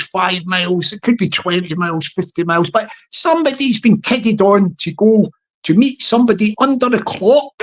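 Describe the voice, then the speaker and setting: A woman hosting her own channel in a chatty, mocking monologue, often laughing and repeating words. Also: medium pitch. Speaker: channel host. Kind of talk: casual rambling vlog monologue.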